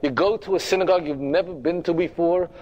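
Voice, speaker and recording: Man giving a rabbi's lecture, kinda high voice, repeats himself a lot, keeps asking the crowd if they get it. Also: quick pace, a little mellow, highs cut off. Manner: emphatic, repeats phrases, direct asides to the audience. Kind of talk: lecture to a congregation.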